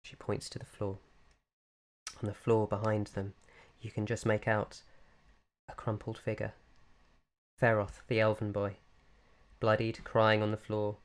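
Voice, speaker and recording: A man running a tabletop game as game master, narrating scenes in a descriptive, unhurried way with frequent fillers. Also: fairly low pitch, monotone.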